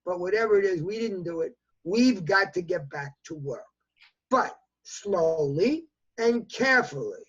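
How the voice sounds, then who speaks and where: Older man, 80s, New York accent, repeats himself for emphasis; higher voice, muffled video call sound. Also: expressive, measured pace, fairly bright tone, husky. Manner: emphatic, repetitive, talks in bursts. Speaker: interview guest. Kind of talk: remote news interview. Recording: dull lo-fi video call audio.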